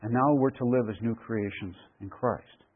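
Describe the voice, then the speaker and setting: A man preaching a verse-by-verse sermon in an emphatic, deliberate way, repeating key phrases for weight. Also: mid-range voice, breathy edge. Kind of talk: expository sermon. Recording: phone-like radio broadcast.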